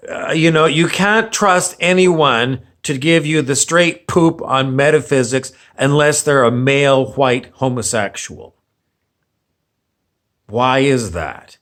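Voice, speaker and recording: A man's voice: a little high, slow pace, fairly bright tone. A man ranting on camera as a vlogger, sarcastic and meandering, often repeating himself. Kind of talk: rambling opinion rant.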